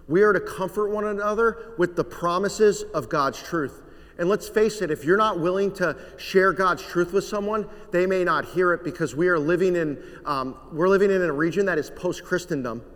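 Man preaching with a long hall echo. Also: sits high. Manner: earnest preaching, slows and softens to a hush on solemn lines. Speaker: pastor. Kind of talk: sermon.

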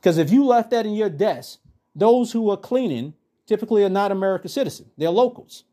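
A man hosting a podcast, ranting bluntly with heavy profanity and telling a story in a casual, animated way. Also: high-pitched, brisk. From Texas. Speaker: podcast host. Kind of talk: profane political rant and storytelling.

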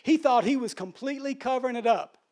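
A man preaching a sermon, swinging between hushed and forceful, repeating words as he builds each point. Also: extremely high pitch, fast talker. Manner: emphatic, dramatic swings between soft and loud.

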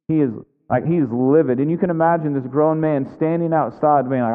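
A man preaching a conversational sermon, tossing in frequent "right?" asides and acting out the characters' lines. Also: fairly quick. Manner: acts out biblical characters' lines with shifting pitch. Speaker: pastor. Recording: echoey hall over a thin phone-like line.

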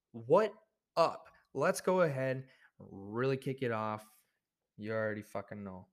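A young man hosting his own podcast, rambling through a jokey, profane monologue with sudden loud bursts. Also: medium pitch, animated, measured pace. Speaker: podcast host. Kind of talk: casual comedic monologue.

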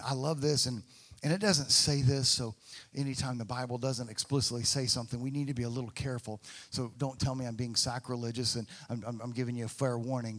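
A man preaching a sermon as a pastor, talking casually to the congregation, rising to emphatic peaks and dropping to quiet, hushed prayer. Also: mid-range voice. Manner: acts out quoted voices and prayers.

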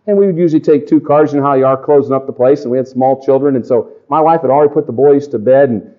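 A middle-aged man preaching a testimony sermon to a congregation, folksy and animated in his storytelling. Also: mid-range voice, fast. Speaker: pastor. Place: church or camp meeting. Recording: dull lo-fi live recording.

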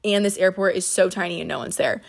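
A woman's voice: lowish voice, steady tone, quick pace, gravelly. A young woman hosting a podcast, telling a rambling story in casual chat, swearing often and saying "like" a lot, emotional at the moment. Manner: profane, rambling, heavy use of "like". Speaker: podcast host.

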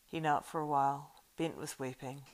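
A woman reading a storybook aloud in a steady narrating voice, with small stumbles now and then. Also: deep voice, moderate pace, rough recording. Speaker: reader.

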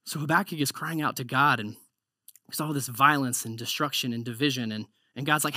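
A man's voice: on the high side, brisk, bright, forceful tone, no echo, clean studio sound. A man preaching a conversational sermon, often repeating words and saying "like".

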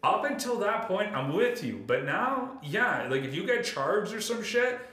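A man's voice: high voice, unhurried, echoey room. A man hosting a podcast, ranting in casual chat with lots of swearing. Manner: animated, profane ranting. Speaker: podcast host.

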